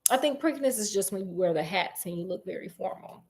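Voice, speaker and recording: A woman's voice: medium pitch, lively intonation, brisk, darkish tone. A woman casually retelling a classic detective story in a chatty, slangy, joking way, often interrupting herself.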